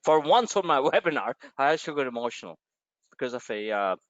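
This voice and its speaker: Quick and sing-song in a mid-range voice, a man leads a live stock-trading webinar with an emotional, impassioned motivational rant, blunt and occasionally profane. The webinar audio is dull, dry, and lo-fi, with no echo.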